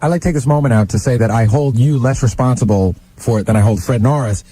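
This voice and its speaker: A man's voice: medium pitch, fast talker, mellow, husky, no echo. A man on a radio show, defensive and grumbling as he banters. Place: radio studio.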